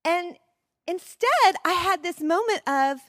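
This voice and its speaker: A woman in her forties telling personal stories at a parenting seminar, expressive and laughing often. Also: very high voice, slow pace, no room sound, studio quality. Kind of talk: personal storytelling talk.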